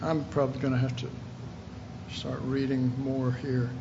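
A man preaching a sermon, reading scripture aloud and pressing his points with emphatic, sometimes shouted questions. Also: mid-range voice, little pitch movement, normal speed, dull audio, background noise. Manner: reads scripture aloud in King James wording.

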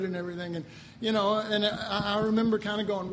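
Folksy older pastor preaching in a hall. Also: male voice, high-pitched, steady tone, quick pace, slight background noise. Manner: folksy storytelling with chuckles and throat-clearing. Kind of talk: sermon. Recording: long hall reverb.

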